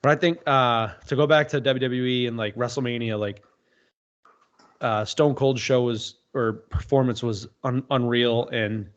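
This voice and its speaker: A man's voice: mid-range voice, fairly even intonation, measured pace, dull audio. Swearing, rambling man telling stories. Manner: loose storytelling, swears often. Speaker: podcast guest. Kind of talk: casual chat.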